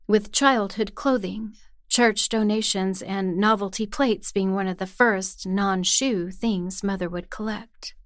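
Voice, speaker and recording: A woman narrating a first-person horror story in a tense, hushed way. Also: medium pitch, dry recording, clean studio sound. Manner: tense, hushed storytelling that rises to anguished cries.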